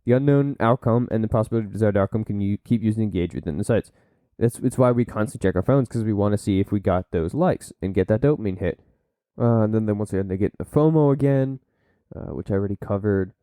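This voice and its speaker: A man's voice: fairly low pitch, fast, dark tone, no echo. A man hosting a solo podcast, reading from sources and breaking off into blunt asides and silly put-on voices. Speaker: podcast host.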